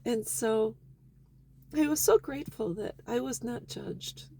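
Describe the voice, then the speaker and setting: A woman's voice: on the high side, measured pace, creaky, dark tone, a little hiss or hum. A middle-aged woman talking candidly and with feeling in a personal vlog about her family and marriage. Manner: candid, emotional and heartfelt. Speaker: vlogger.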